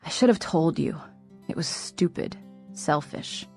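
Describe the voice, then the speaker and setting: Woman reading as a gravely ill young man, calm and steady, speaking in a lowish, quiet voice. he keeps his words even and subdued, with a faint guitar under the audiobook reading. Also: measured pace. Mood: calm, regretful.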